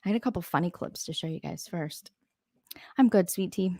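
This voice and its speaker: A woman's voice: on the low side, fairly quick, dark tone, no room sound. Chatty woman hosting a live stream. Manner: chatty, reads out and answers viewer comments; laughs often, rambling asides. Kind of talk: casual live-stream chat.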